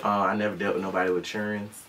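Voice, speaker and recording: A man's voice: fairly low pitch, little pitch movement, very fast, fairly bright tone, a little hiss or hum. A man co-hosting a casual chat, rambling and circling back with many fillers. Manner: rambling, lots of fillers and restarts. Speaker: co-host.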